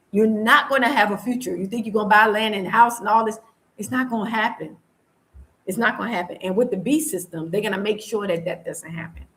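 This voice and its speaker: A woman from the United States talking in an impassioned vlog monologue, fervent and preachy, repeating her points for emphasis. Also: mid-range voice. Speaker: vlogger.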